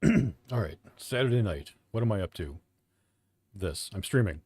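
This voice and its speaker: Low, mellow-voiced man chatting on stream. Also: animated, measured pace, husky, no echo. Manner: profane, offhand, self-mocking. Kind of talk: casual live-stream chat.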